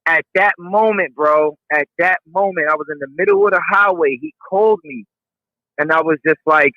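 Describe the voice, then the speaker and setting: A man tells a personal story in an easygoing, slangy voice that sits a touch high for him. He fills the talk with loose fillers. The audio is muffled and lo-fi, with no room sound at all. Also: moderate pace, dry recording. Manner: relaxed, slangy, many fillers. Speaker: interviewee. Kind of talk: casual storytelling. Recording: dull, dry lo-fi audio.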